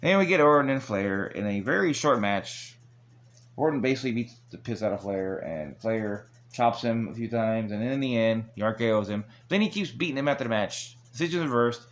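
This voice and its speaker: A man's voice: mid-range voice, lively intonation, brisk. A man recapping an old wrestling episode in a rambling, casual way with chuckling asides. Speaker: wrestling show reviewer.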